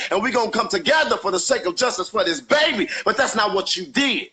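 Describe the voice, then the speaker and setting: A man's voice: high voice, lively intonation, fairly quick, hardly any pauses, sharp tone. A man in a heated live argument, passionate and emotional, cutting in again and again. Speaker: activist.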